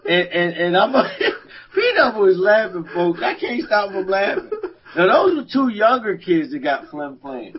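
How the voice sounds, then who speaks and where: A man co-hosting a podcast, telling stories in a casual, animated way and laughing often. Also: high-pitched, a little slow, slightly rough. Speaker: podcast co-host. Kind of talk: casual storytelling chat. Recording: dull lo-fi recording.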